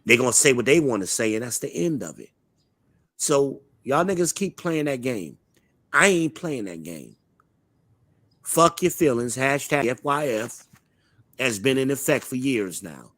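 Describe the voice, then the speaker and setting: This man from Charlotte, in the United States, hosts a live online talk show, and his talk is casual, blunt, profane, swaggering and full of opinions. His medium-pitched voice is expressive, a little slow and a bit bright, with no room sound.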